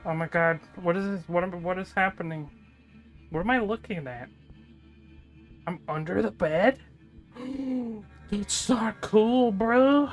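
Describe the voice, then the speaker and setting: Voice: medium pitch, normal speed, pauses often, soft background music. A gaming channel host talking through a horror game playthrough, chattering nervously and breaking into panicked yelps.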